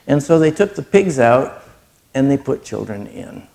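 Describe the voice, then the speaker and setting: A middle-aged man giving an earnest personal testimony as a charity speaker, telling his story with pauses and moments of being choked up. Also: mid-range voice, very animated, darkish tone. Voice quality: gravelly.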